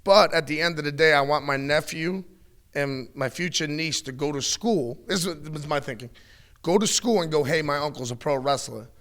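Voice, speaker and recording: A middle-aged man in a candid interview, talking bluntly and with plenty of swearing as he tells animated stories. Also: on the high side, moderate pace. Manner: blunt, profane, animated storytelling. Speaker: wrestling guest.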